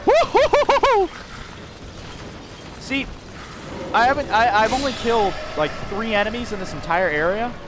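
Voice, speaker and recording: A man's voice: high voice, expressive, a little fast, noisy background. Rambling man ranting over gameplay. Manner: rambling, restarts often, self-interrupting. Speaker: gaming video creator. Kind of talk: unscripted gameplay rant.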